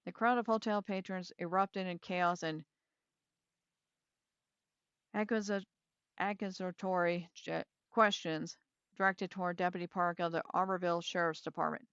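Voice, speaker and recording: Woman reading a novel aloud, casual asides; smooth voice, dry close audio. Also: lowish voice, steady tone, normal speed, a bit bright, no echo, dull audio. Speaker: reader.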